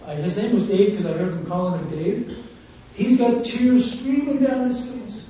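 A man preaching a sermon, telling a story fervently and swinging between hushed and loud passages. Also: high-pitched, normal speed. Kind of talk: sermon testimony. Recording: muffled, echoey, distant church recording.

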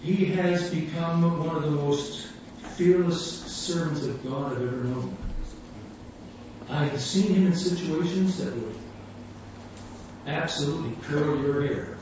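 High-voiced man preaching in an echoey hall. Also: measured pace. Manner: animated storyteller, acts out quoted voices. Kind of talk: sermon storytelling. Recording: echoey hall, distant mic, dull sound, faint room hum.

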